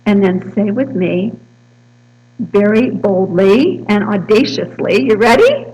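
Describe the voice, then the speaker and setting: A woman's voice: mid-range voice, takes it slowly, mellow. Rousing woman minister, distant mic. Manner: bold, rousing, leads call-and-response. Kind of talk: sermon. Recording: distant mic with mains hum in a hall.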